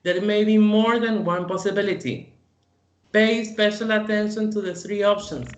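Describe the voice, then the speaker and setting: A man's voice: high-pitched, unhurried, echoey room. A male English teacher whose first language is Spanish, patiently explaining grammar in an online class and often checking in with "okay?".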